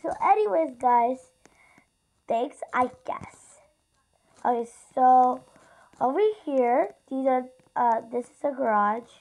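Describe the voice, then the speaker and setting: This gaming YouTuber has a high, somewhat dark voice and speaks a little slowly, captured on rough audio. Narrating her gameplay, she chats casually and rambles, frequently turning to address her viewers.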